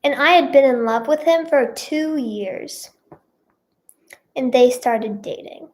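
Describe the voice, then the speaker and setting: A teenage girl with a high, youthful voice chats to her viewers in a slow, meandering way. She fills every pause with "like", "um" and "yeah" as the story drifts along. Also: a little mellow. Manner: rambling, heavy with "like" and "yeah" fillers. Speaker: vlogger and singer. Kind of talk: casual storytime chat to camera.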